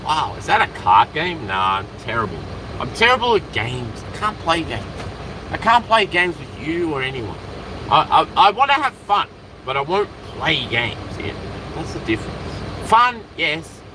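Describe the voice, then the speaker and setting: An Australian man chatting to camera outdoors in an excitable, rambling way, jumping between topics. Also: on the high side, normal speed. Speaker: vlogger. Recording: outdoor street noise, traffic behind.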